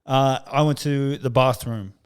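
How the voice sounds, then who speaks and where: This is a man with a mid-pitched voice hosting a casual podcast chat. He talks bluntly, swears freely and keeps jumping in with reactions. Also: steady tone, a little slow, clean tone. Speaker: podcast host.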